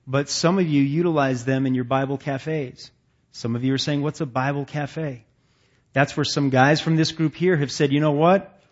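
A man's voice: mid-range voice, muffled recording. A man leading a men's ministry meeting, preaching in a folksy, conversational and self-deprecating way to men seated around tables. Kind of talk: sermon to a men's gathering.

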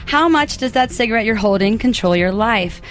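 A woman's voice: fairly high pitch, animated. A woman reading news items on a morning radio show and chatting with the hosts. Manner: reads news items briskly, then chats with laughs.

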